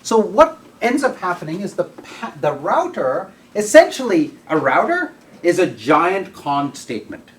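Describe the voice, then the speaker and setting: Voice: mid-range voice, huge pitch swings, unhurried. A lecturer giving a classroom lecture, often checking in with the students by asking "okay?" and "right?", and restarting sentences mid-thought.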